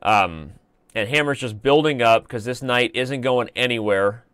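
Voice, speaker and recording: A man's voice: medium pitch, fairly bright tone, clean tone, no room sound. Playful male chess stream host, dry sound. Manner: playful, joking, fast-moving. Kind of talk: live chess commentary.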